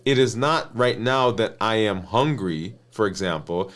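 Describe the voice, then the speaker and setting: A man's voice: fairly low pitch, expressive, unhurried, a bit bright. A man, a physician and health coach, giving an earnest teaching monologue, often checking in with "right?" and restarting his phrases.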